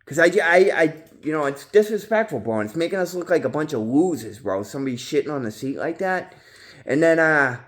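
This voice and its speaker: A man talking casually to his viewers about recovery, rambling with slang, swearing and many fillers, jumping loud and high when he acts out his own past yelling. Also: animated, brisk. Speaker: vlogger in recovery. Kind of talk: casual monologue to camera.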